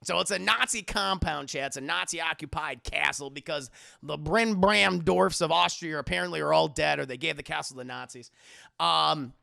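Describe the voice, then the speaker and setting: Gravelly, bright-voiced young man streamer. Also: fairly high pitch, moderate pace. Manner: rambling and playful, with crude humor. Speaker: streamer and movie reviewer. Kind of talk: casual, animated retelling of a film. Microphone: desk mic for a livestream.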